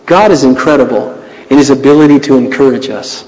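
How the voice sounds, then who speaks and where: A man preaching a sermon as pastor, reading scripture aloud with dramatic, animated delivery. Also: mid-range voice, brisk, long reverb tail, lo-fi sound.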